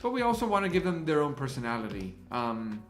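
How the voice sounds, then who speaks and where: A man's voice: medium pitch, very animated, fast, roomy sound, soft background music. A man hosting a casual design livestream, thinking aloud as he works and greeting the people in the chat. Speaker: livestream host and graphic designer.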